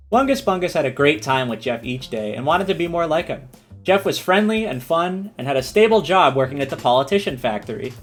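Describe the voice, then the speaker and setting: A man streamer reading a silly story aloud and chatting with his viewers, animated and giggly. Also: a little high. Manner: animated, giggly, breaks into laughs.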